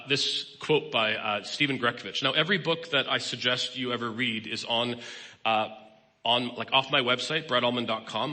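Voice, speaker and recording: A man's voice: medium pitch, pushed and bright. A man in his fifties, a therapist giving a candid, personal talk in a conversational sermon style. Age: 50s. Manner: candid, personal, plain-spoken. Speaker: guest speaker and therapist. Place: church hall. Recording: long reverb of a large hall.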